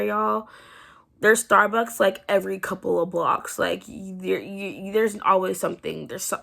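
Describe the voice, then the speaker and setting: A young woman vlogger tells a casual story-time recap with a gravelly edge of vocal fry. Her throat is sore and strained, and she sounds worn out. Still, she keeps it chatty and candid. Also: mid-range voice, a bit bright. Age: 20s. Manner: chatty and candid, trailing into tired asides.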